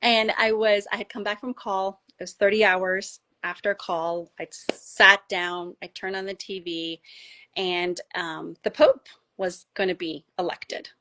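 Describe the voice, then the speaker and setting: A middle-aged woman from the United States, a doctor telling a personal story in casual conversation, animated and rising high when she gets emotional. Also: a little slow. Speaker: doctor and podcast guest.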